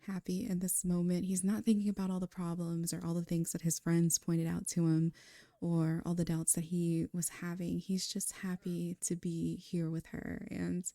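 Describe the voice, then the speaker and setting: A young woman with a lowish voice narrates a life-sim game story, her delivery flat and her pace moderate, with no room sound. Speaking close to the mic, she's chatty and warm, laughing often and using plenty of fillers as a gameplay storyteller.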